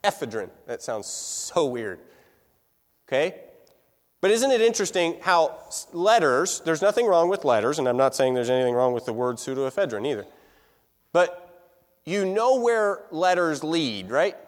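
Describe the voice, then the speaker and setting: With big-room sound around him, a man speaks in a fairly high, sing-song voice at a moderate pace. He's giving a music lecture to a full room in a casual, conversational way, asking those present questions.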